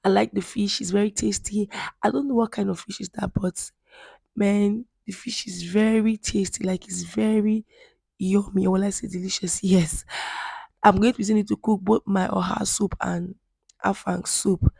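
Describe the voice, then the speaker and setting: A woman's voice: medium pitch, steady tone, normal speed, vocal fry, a little mellow, breathy edge, no echo. A Nigerian woman vlogging casually from her home kitchen, chatty and rambling as she talks straight to viewers, her voice worn down after being ill. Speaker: cooking vlogger. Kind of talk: casual cooking vlog chat.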